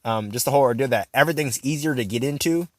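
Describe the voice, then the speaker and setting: A man's voice: mid-range voice, fast talker, no room sound. A young man telling a rambling, profane story in a vlog, full of slang and fillers. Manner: rambling, profane, filler-heavy slang, says "bro" constantly. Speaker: vlogger.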